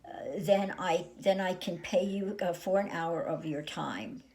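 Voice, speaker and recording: A woman's voice: lowish voice, a little slow, a little mellow. A woman voicing a pleading little girl in a told story, in close to her own voice.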